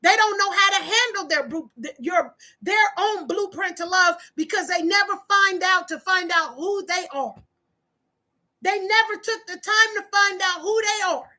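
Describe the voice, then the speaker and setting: A woman's voice: very high voice, moderate pace, sharp tone. A woman hosting a live-streamed relationship advice talk, reading viewer comments and preaching emphatically with lots of repetition. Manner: emphatic and preachy, with repeated phrases. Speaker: host of a relationship talk channel.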